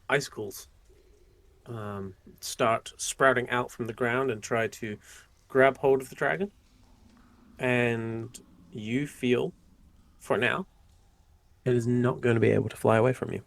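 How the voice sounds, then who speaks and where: A man narrating a tabletop game as game master, in a relaxed way with many fillers and restarts. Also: medium pitch, takes it slowly, creaky, pauses often.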